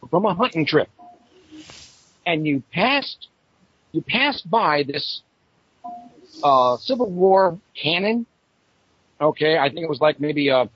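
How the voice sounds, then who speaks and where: A man with a lively, swooping voice, spinning animated yarns on an internet radio show. His voice is a little husky and sits on the high side. The audio is dull and lo-fi. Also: no echo. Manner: animated storyteller, acts out voices in his stories.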